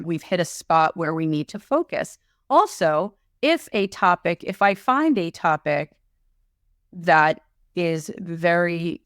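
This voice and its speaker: Woman coach, middle-aged, podcast co-host. Low, smooth voice, dry close sound. Animated, quick to act out clients. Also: no echo. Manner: animated, acts out clients and salespeople in quick asides. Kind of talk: conversational podcast discussion.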